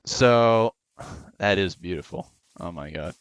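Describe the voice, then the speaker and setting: A man's voice: low voice, takes it slowly, smooth, no echo, highs cut off. A young man telling a long rambling story casually while gaming, full of fillers. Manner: rambling, lots of "you know" and "uh".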